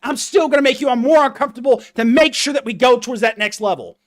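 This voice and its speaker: A man's voice: very high-pitched, fast talker. A fitness coach delivering a blunt, profane, confrontational motivational rant straight to his viewers.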